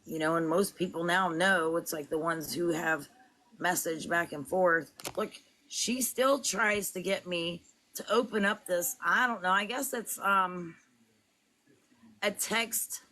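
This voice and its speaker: An unhurried woman with a lowish voice and a sharp tone livestreams casually from her home kitchen. She talks in long, rambling stretches and keeps coming back to "it's like."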